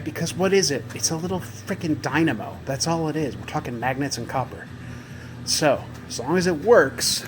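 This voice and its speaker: A man's voice: medium pitch, noisy background. A middle-aged man hosting a casual garage vlog, chatty and self-deprecating, telling his story with animation. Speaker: garage tuning channel host. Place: home garage. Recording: music playing behind in garage. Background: music.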